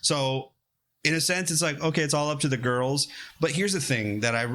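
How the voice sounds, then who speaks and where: A man co-hosting a podcast, retelling a film in a rambling, animated way with fillers and some swearing. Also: fairly high pitch, normal speed. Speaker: podcast co-host. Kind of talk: casual film review chat.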